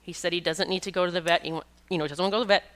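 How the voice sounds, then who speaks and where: A middle-aged podcast host and pet communicator talks very fast in a lowish, fairly bright voice with fairly even intonation. Her casual monologue rambles, with many restarts and occasional laughs as she tells stories.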